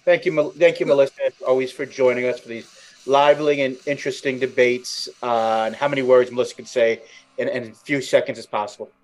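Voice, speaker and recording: A man with a mid-range voice, co-hosting a podcast. He delivers his jokes flatly and sarcastically, with some hesitation. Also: medium pitch, brisk, low-quality recording. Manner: dry, sarcastic. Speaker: podcast co-host. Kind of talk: casual chat.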